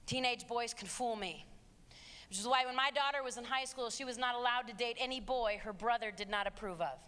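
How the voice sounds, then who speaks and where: A middle-aged woman giving a live talk to students and parents in an auditorium, emphatic and sarcastic, moving between hushed asides and shouts. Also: a little high, fairly quick, clear, resonant tone. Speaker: speaker addressing students and parents. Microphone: handheld stage mic. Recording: long hall reverb.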